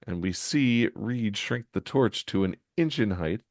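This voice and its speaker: A man's voice: fairly low pitch, measured pace, hardly any pauses, dry recording. Dry-sounding man reading a comic aloud. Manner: animated, incredulous asides. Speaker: podcast co-host.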